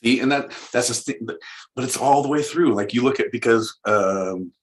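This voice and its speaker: A Californian man co-hosting a podcast, talking in a rambling, excitable way with lots of restarts and swearing. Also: mid-range voice, moderate pace, rough recording. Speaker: podcast co-host. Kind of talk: casual chat.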